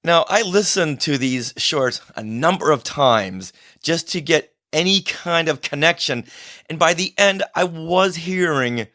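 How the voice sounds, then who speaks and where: A man's voice: on the high side, animated, measured pace, bright, forceful tone. Thoughtful man podcast co-host. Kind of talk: casual chat.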